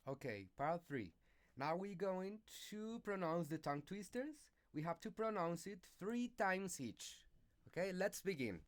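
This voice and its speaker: Man, Spanish native speaker, pronunciation lesson, slow and careful, lively pitch. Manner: slow, careful, hesitant explanation with many okays.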